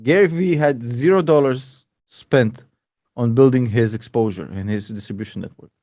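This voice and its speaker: A man's voice: medium pitch, normal speed, mellow, no room sound, studio quality. A man, an investor and podcast co-host, chatting casually and joking a lot. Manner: laughs a lot, calls people bro.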